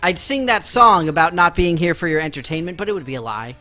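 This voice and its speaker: A young man streams a game and chats loosely with his viewers, teasing himself as he goes. His voice is bright and sits a bit high. Faint game music plays underneath. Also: expressive, fast talker. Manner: chatty, self-mocking, talks to chat while playing. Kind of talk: casual live-stream chat.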